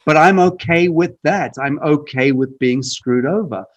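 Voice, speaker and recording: A man's voice: fairly high pitch, unhurried, muffled recording. A man being interviewed who answers bluntly and emphatically, restarting phrases and repeating words often. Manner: blunt, emphatic, profane at times; frequent restarts and repetition. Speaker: podcast guest. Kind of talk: candid conversational interview.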